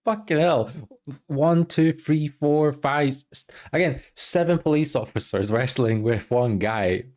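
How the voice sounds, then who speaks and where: A man's voice: on the high side, measured pace, darkish tone. A man streaming live, reacting to clips with profane, mocking disbelief.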